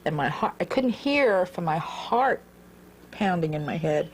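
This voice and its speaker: A woman in her forties telling her own life story in an earnest, halting way, repeating words as she goes. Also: fairly low pitch, expressive, a little hiss or hum. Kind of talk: personal storytelling.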